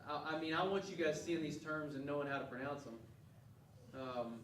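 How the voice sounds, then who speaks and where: The instructor, a man with a slightly high, fairly bright voice, moves at a moderate pace through test questions. He is earnest and keeps restarting his words; the far-off mic in an echoey classroom picks up a little hiss or hum.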